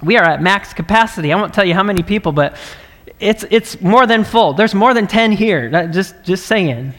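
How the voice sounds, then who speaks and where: Earnest pastor in a large echoing sanctuary. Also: male voice, high-pitched, lively intonation, normal speed. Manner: conversational, earnest, warm laughs and frequent "right?". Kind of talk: livestreamed sermon. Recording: long reverb of a large hall.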